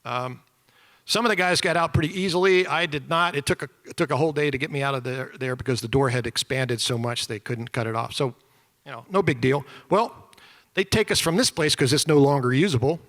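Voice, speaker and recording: A middle-aged man telling his story to an audience, animated and self-deprecating, acting out shouted quotes. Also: medium pitch, fairly quick. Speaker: former POW giving a talk. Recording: reverberant hall.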